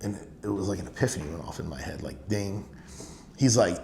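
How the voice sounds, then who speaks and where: Gravelly-voiced middle-aged man in an echoey room. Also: low-pitched, animated, brisk, darkish tone. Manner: emphatic, heavy use of "you know" fillers. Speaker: business owner guest. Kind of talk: candid interview storytelling. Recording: echoey room with faint noise.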